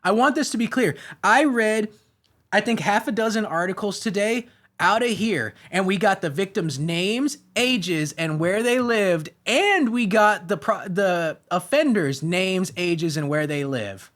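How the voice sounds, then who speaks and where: A man's voice: high-pitched, lively intonation, a little slow, a bit bright. A man from the United States hosting a podcast, reading news articles aloud and adding sarcastic, profane comic commentary, often stumbling over names. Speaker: podcast host.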